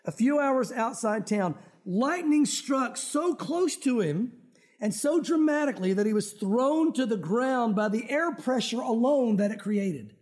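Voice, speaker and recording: A man with a strikingly high voice preaches a sermon to his congregation in a church. He talks in a conversational way and breaks in with joking asides to the crowd. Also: animated, unhurried, darkish tone. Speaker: pastor. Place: church sanctuary.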